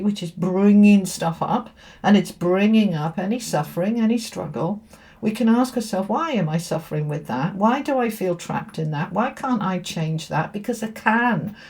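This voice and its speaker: A woman's voice: medium pitch, dark tone. A woman giving a casual spoken tarot reading as a spiritual teacher, chatty and fond of rhetorical questions.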